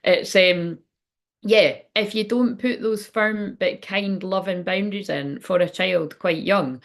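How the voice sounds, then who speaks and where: A woman's voice: medium pitch, takes it slowly, vocal fry. A middle-aged woman giving a casual tarot reading, rambling and frank, swearing freely. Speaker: tarot reader. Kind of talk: casual spiritual reading chat.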